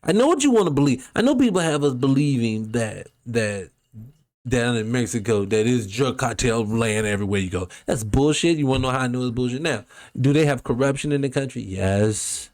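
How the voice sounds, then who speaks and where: A man hosting a show, giving casual reaction commentary in an animated, rambling and profane way. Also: mid-range voice, moderate pace. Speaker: host.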